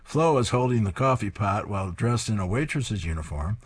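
A man's voice: lowish voice, animated, normal speed, husky. A man reading comic strips aloud, describing each panel in an amused, descriptive way.

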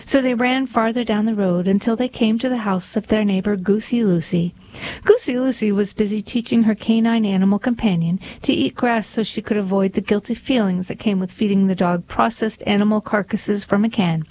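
A woman reading aloud slowly and deliberately. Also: mid-range voice, steady tone, dark tone, slight background noise, rough recording. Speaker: reader. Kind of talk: reading poetry and a humorous story aloud.

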